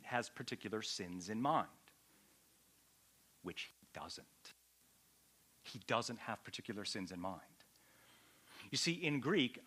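Male pastor teaching in a sermon; bright, forceful delivery with emphatic peaks and questions to listeners. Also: mid-range voice. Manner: emphatic, rises to loud peaks on key points; addresses listeners directly with questions.

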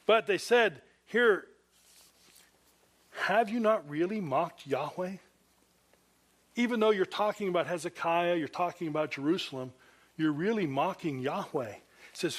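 A man with a high voice preaching a conversational sermon. He is earnest and slips into quoted voices to act out the passage. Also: animated, normal speed, fairly bright tone. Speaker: pastor.

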